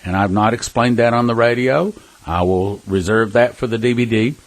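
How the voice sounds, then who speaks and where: A prophecy ministry speaker gives an earnest, emphatic preaching talk, sharing personal stories and calling listeners brothers and sisters, with scattered restarts and chuckles. His voice is mid-range at a moderate pace, on a dry, rough recording.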